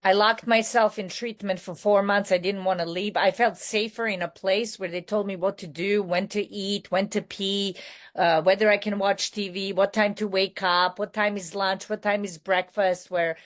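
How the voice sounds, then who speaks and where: A woman's voice: mid-range voice, fairly even intonation, normal speed. A woman with a non-American accent, raised in New York City, giving a candid personal share at a recovery meeting, rambling and correcting herself with many fillers.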